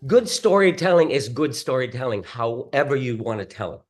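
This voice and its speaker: A man with a Filipino accent, a stage actor talking earnestly in a casual chat, excitable and stumbling over restarts. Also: medium pitch, brisk, faint music behind. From Philippines. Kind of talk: casual conversation.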